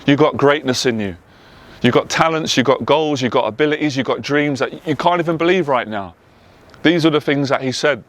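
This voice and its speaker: A man from England with a London accent speaks as a motivational speaker. He tells his own story earnestly and emotionally, hammering home his points with repeated phrases. His voice sits at a middling pitch. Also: brisk. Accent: London English. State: tearful at times. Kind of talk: personal testimony monologue.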